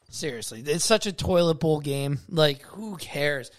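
A man with a somewhat high voice co-hosting a podcast. He talks bluntly and casually. He swears freely. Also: expressive, measured pace, few pauses. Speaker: podcast co-host. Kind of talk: casual chat.

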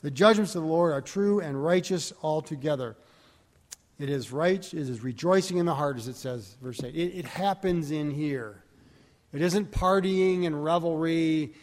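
A man giving a sermon, reading scripture aloud with rising emphasis and correcting himself as he goes. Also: fairly high pitch. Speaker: pastor. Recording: reverberant hall.

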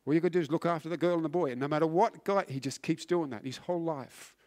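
A man preaching a sermon, earnest and emphatic, often restarting words and swinging from loud to hushed. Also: fairly high pitch, fast. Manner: frequent word restarts.

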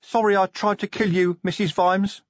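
A man voicing a dim young male troll who speaks slowly and obediently in a raised voice. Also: sits high, flat delivery, dry recording, highs cut off, voice pushed up, natural voice. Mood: meek. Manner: slow, obedient, mumbling.

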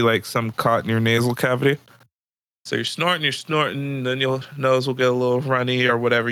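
A man's voice: medium pitch, sharp tone, smooth, dry recording. A man co-hosting a casual podcast, telling crude stories and laughing often. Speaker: podcast co-host. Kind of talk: casual chat.

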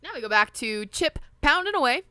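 A woman retells a movie in a loose, swear-heavy, casual way, full of asides. Her voice is bright and forward. The sound is dry and close. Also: sits high, lively intonation, brisk, no room sound. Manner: loose and profane, with lots of asides. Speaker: podcast co-host. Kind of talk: casual chat recapping a movie.

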